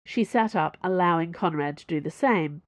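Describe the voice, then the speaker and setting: A woman reading a science-fiction adventure novel aloud as an audiobook narrator, expressive and varied. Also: on the low side, normal speed, dry recording. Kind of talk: scripted narration.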